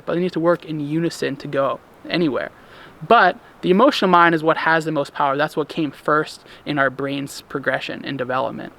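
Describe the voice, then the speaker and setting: Brief: male instructor, slightly higher voice with a bright edge, calm and explanatory in tone. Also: vocal fry. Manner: calm, explanatory, with occasional fillers. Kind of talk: daily lesson talk.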